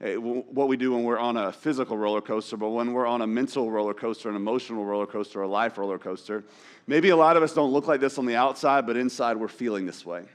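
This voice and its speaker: A man's voice: mid-range voice, fast, smooth. A man preaching a sermon in a conversational, self-deprecating way, often restarting his sentences. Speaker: pastor. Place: church auditorium.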